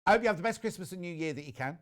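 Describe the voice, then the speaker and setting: A man presenting a live shopping channel broadcast, chatting as he reads out viewer messages with quick asides. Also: high-pitched, animated, fairly bright tone. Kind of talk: live TV sales chat.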